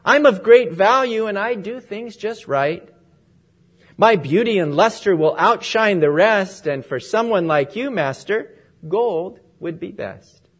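A man's voice: high voice, expressive, a little slow, a bit bright, voice pushed up, heavily acted. A man reading as a vain golden vessel. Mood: boastful. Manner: boastful, self-praising. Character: gleaming boastful gold vessel, proud and vain.

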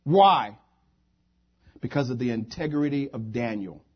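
Husky-voiced preacher man, emphatic. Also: mid-range voice, unhurried. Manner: emphatic preaching with repeated phrases. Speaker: pastor. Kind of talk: sermon. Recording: dull lo-fi recording.

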